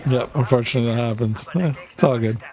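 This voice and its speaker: A man's voice: medium pitch, quick pace, darkish tone, a little hiss or hum. Rambling, profane Canadian male streamer. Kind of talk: casual chat while gaming.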